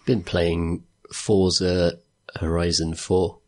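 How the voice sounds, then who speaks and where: A low-pitched British man talks casually on a gaming podcast, circling back on himself and laughing through his sentences. His delivery is loose and unhurried, full of restarts and asides. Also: flat delivery, darkish tone. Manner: rambling, laughs often, many restarts. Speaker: podcast co-host. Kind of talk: casual chat.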